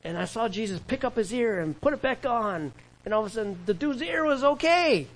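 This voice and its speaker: Guy acting out a fisherman apostle, kinda high voice, hushed and amazed retelling miracles. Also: animated, normal speed, vocal fry, husky, exaggerated voice, poor audio. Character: impulsive fisherman apostle recalling miracles, man.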